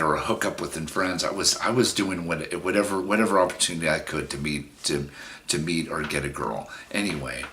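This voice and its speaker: A middle-aged male vlogger tells a personal story in a low, pushed, bright voice. His casual monologue rambles, is frank and profane, and keeps restarting.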